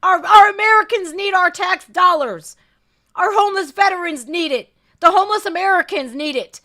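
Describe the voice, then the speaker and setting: A woman's voice: very high-pitched, normal speed, sharp tone. A woman hosting a reaction video, talking back to clips in an exasperated, heated way.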